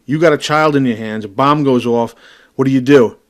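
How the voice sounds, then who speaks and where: A man's voice: mid-range voice, fairly quick. A man giving an agitated, profane video commentary, pressing the viewer with repeated questions. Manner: talks straight to the viewer with constant tag questions.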